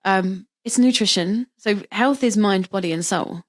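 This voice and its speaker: Lively woman explaining with vivid examples. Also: medium pitch, unhurried. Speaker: birth practitioner, guest. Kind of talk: casual interview talk.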